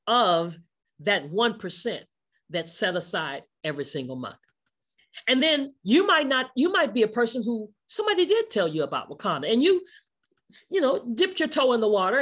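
A woman presenting her company in a sales pitch, speaking emphatically, asking many rhetorical questions and repeating key words for stress. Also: a bit bright.

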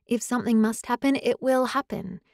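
A woman's voice: fairly high pitch, vocal fry, no echo, studio quality, voice pushed up. A woman voicing an impulsive, chatty, clumsy young werewolf girl in an audiobook. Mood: excitable. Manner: rapid, excitable, apologetic. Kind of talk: audiobook character voice.

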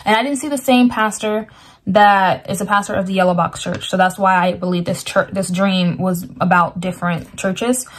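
A woman's voice: medium pitch, fairly even intonation, moderate pace, a little hiss or hum. A woman casually retelling a dream, talking in loose, rambling sentences full of "like", and earnestly explaining its meaning with scripture. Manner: rambling, lots of "like" fillers. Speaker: Christian dream sharer.

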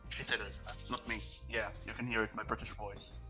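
A man's voice: fairly low pitch, flat delivery, fairly quick, over music. A man joking with friends during a speedrun, stammering and hesitant, mocking himself. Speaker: speedrun co-commentator. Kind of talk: casual banter.

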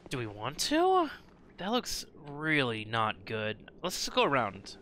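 Jokey excitable gamer man. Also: mid-range voice, measured pace, slight background noise. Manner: jokey, excitable yelps and laughs. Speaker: co-op let's play gamer. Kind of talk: casual game commentary.

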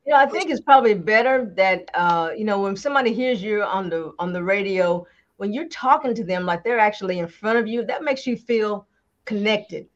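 A woman's voice: mid-range voice, a little fast, dull audio. A woman co-hosting a casual talk show, chiming in agreeably.

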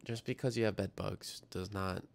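Reading viewer messages aloud, a young man hosting a science livestream rambles casually at a normal pace. His voice is fairly low and steady, with vocal fry, and his manner is self-deprecating.

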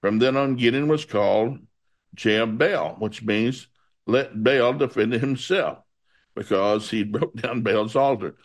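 A man's voice: medium pitch, a little slow. A man preaching through a Bible passage, reading it aloud and breaking off into folksy asides.

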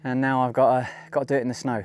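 In a casual walking vlog on a mountain trail, a man rattles on to the camera at rapid-fire speed, chatty and self-mocking as he thinks aloud. His mid-range voice has a darkish tone and little pitch movement.

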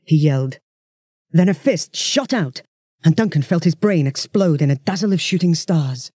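Man, children's audiobook narrator, mellow dark tone, husky, dry close sound. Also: a little high, moderate pace, no room sound. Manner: steady storytelling that shifts into character voices.

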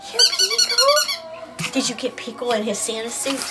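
A woman's voice: fairly high pitch, steady tone, quick pace, loud music behind the voice. A woman in a casual home video, cooing to her pets in sing-song baby talk at home. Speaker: pet owner.

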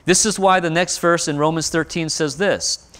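Higher-pitched guy preaching, walking through scripture, lots of rhetorical questions. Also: steady tone, moderate pace, fairly bright tone, clear, resonant tone. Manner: expository preaching, rhetorical questions, dramatic emphasis on quotes. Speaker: pastor. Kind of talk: sermon.

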